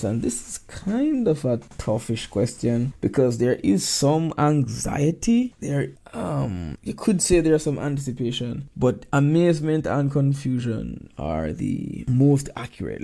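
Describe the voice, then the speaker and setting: A man's voice: mid-range voice, vocal fry, warm tone. A man teaching exam prep, talking through past-paper answers in a conversational way and reading quoted lines aloud. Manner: conversational, reads quoted lines aloud, asks rhetorical questions.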